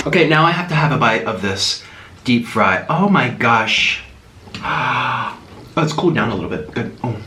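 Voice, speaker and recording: A man vlogging as he eats, telling a story in an animated way and gasping and murmuring between bites. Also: mid-range voice, brisk, reverberant, slight background noise. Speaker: mukbang vlogger. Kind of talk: storytelling while eating on camera.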